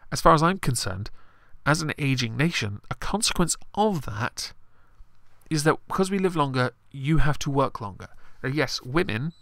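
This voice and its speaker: A man's voice: medium pitch, lively intonation, measured pace, vocal fry, long pauses, fairly bright tone, no room sound. A man giving blunt, sarcastic live-stream commentary on politics, swearing often.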